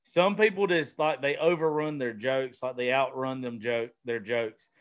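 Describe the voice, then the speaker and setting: A man's voice: medium pitch, a little slow. A man with a Southern US accent, hosting a loose, profane, rambling casual chat from a studio room. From American South. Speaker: podcast host, comedian. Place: studio room with vintage decor.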